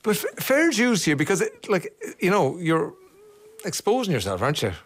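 A man's voice: high voice, wildly swooping pitch, normal speed. A man hosting a radio show, chatting casually and reading out listener messages in a wry, encouraging way. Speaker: radio host.

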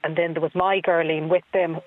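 A woman's voice: low-pitched, flat delivery, fairly quick, no echo. A woman calling in to a radio show, telling her story earnestly and hesitantly, with many ums. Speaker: caller. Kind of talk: radio phone-in. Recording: phone line on radio.

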